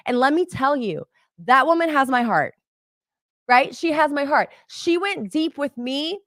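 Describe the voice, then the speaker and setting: Animated, chatty middle-aged woman coach. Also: fairly high pitch, no echo, studio quality. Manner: animated, chatty, addresses audience as "you guys". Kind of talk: motivational teaching talk.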